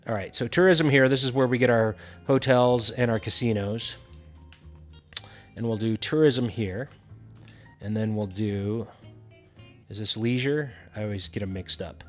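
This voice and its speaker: A man's voice: fairly low pitch, measured pace, long pauses, soft background music. A man casually narrating a building game tutorial, thinking aloud with frequent fillers.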